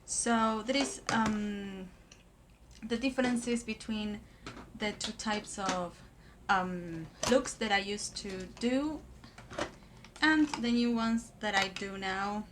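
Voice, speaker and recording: A woman from Argentina, talking through a makeup tutorial in a hesitant way with many pauses and fillers. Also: mid-range voice, noisy background. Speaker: makeup vlogger.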